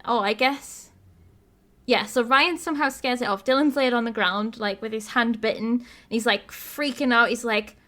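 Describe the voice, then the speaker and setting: Podcast host lady, kinda high voice, telling a game story all excited. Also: normal speed. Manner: animated storytelling, laughs often. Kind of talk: casual chat, retelling a game.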